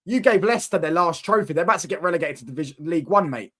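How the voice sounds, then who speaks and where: A man's voice: a little high, animated, rapid-fire, pushed and bright. A young man arguing football in heated, teasing banter as a fan debater.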